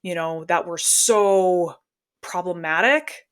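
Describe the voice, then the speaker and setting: A woman in her forties, a podcast guest, telling a personal story casually with quick laughs and acted-out bits of dialogue. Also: lowish voice.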